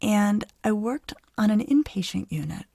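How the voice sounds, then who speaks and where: A middle-aged woman psychologist hosting a podcast, explaining conversationally with an animated, easy manner. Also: medium pitch, normal speed, creaky, no echo, clean studio sound. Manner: animated, explanatory, laughs easily. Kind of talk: conversational expert advice.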